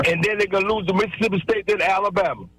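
A man's voice: sits high, steady tone, very fast, pushed and bright, husky, dry recording, poor audio. A man calling in to a sports radio show, trash-talking the host in loose, brash banter. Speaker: regular caller. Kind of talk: phone-in banter.

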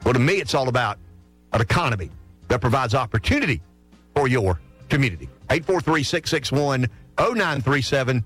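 A man's voice: mid-range voice, very animated, a little fast, a bit bright, faint music behind. A middle-aged man from South Carolina with a Southern accent, hosting a call-in radio show in a frank, folksy way, often restarting his sentences. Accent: Southern American. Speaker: radio talk show host. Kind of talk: opinionated call-in radio monologue. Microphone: studio microphone.

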